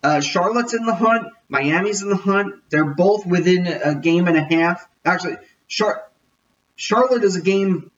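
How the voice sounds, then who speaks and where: Male podcast host, casual sports chat, high voice, slightly dull distant mic. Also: a little slow, fairly bright tone. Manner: jokey, rambling, self-correcting.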